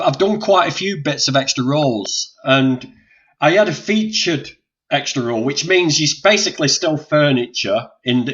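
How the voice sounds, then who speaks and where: A man's voice: on the high side, fairly bright tone. A man hosting a casual live chat over a video call, rambling and encouraging. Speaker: host. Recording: dull lo-fi stream audio.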